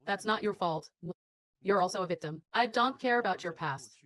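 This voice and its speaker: A man's voice: high-pitched, moderate pace, sharp tone. A man voicing an earnest, devoted young father in dubbed drama dialogue, speaking in a direct, sincere way. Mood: tender. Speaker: wealthy father courting a woman.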